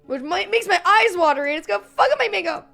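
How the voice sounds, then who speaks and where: A woman's voice: very high-pitched, expressive, fast, vocal fry, pushed and bright, faint music behind. A young woman streaming from her room at home, chatting casually with viewers, reading chat aloud and joking between giggles.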